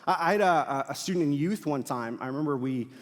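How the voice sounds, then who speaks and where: A young man preaching a sermon as pastor, telling stories in a casual, animated way with fillers and laughs. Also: on the high side, fast talker. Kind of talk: sermon with storytelling. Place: large church auditorium. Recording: long hall reverb.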